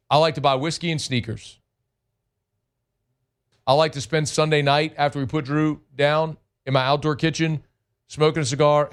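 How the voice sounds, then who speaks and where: A middle-aged man hosting sports talk radio in a blunt, conversational monologue, stretching words for emphasis into a studio mic. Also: mid-range voice. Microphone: studio microphone.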